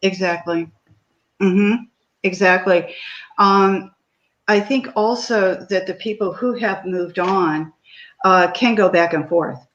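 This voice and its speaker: A woman's voice: mid-range voice, slow pace. An older woman, a guest on an interview show, telling a personal story in a meandering way with many fillers. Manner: meandering, with fillers and quoted dialogue. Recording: dull lo-fi audio.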